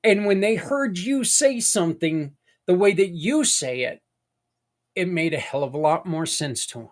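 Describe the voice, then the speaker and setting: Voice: medium pitch, expressive, moderate pace. A podcast host talking in a casual, earnest monologue, folksy and rambling with tangents and mild swearing. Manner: earnest and encouraging.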